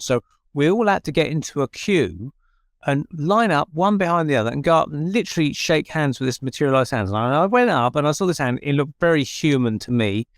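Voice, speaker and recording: Man telling a lively seance story. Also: a little high, a little fast, no room sound, clean studio sound. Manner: animated anecdote with quoted voices, many restarts. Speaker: paranormal researcher and host. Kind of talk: conversational storytelling.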